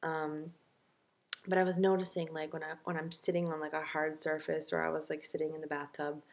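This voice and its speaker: A woman's voice: sits low, little pitch movement, brisk. A young adult woman talking in a casual video diary, chatty and self-mocking, with lots of fillers. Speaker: vlogger.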